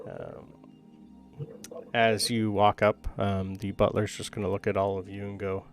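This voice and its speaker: A man's voice: on the low side, level tone, unhurried, faint music behind. A man running a tabletop game as game master, describing scenes casually with frequent ums.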